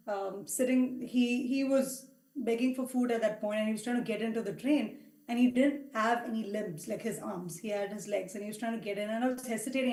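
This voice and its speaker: A middle-aged woman giving a heartfelt devotional testimony, telling personal stories with many pauses and fillers. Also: on the high side, a little mellow. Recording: echoey hall sound.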